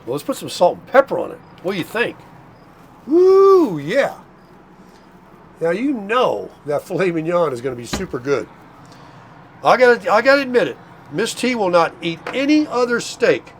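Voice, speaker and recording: A man's voice: fairly high pitch, a little hiss or hum. An older man chatting casually while cooking at his RV, folksy and a little out of breath. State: tired, short of breath. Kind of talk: casual vlog chat to camera. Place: RV park, indoors and out.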